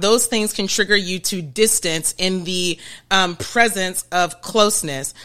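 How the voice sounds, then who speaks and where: A woman hosting a podcast, explaining ideas in a chatty, animated way and often checking in with her listeners. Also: fairly low pitch. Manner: chatty, keeps checking in with "okay?" and "right?"; animated, laughs between points. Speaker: podcast host. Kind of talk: casual explanatory podcast talk.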